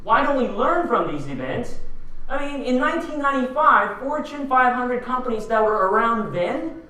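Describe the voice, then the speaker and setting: A Filipino man with a very high, sing-song voice gives a punchy keynote at a moderate pace, bright and forceful, firing rhetorical questions at the crowd. The echoey conference hall is large, and he's recorded from far away.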